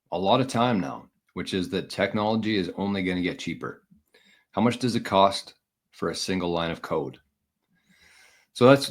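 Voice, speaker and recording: A man hosting a casual solo show, talking in a chatty, opinionated way and often correcting himself mid-sentence. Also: sits low. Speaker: podcast host.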